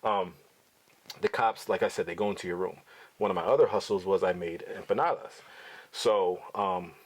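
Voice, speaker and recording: A man's voice: low voice, fairly even intonation, moderate pace, husky. A middle-aged father hosting a podcast, telling his son stories in a blunt, profane, outspoken way. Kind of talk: casual storytelling to his son.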